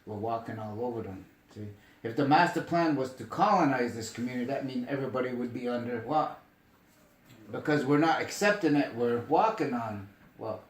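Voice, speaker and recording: A man telling stories in casual conversation, emphatic and animated, often asking if the listener follows. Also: mid-range voice, moderate pace, echoey room, low-quality recording. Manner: animated, emphatic, asks "you get me?". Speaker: storyteller. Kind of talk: casual storytelling chat.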